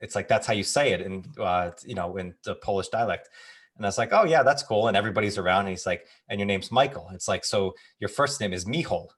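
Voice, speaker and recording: A man guesting on a podcast, a personal trainer who talks in a friendly, easygoing way and tells stories with energy. His voice sits a bit low. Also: quick pace, breathy edge. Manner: friendly, animated storyteller. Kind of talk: casual interview chat.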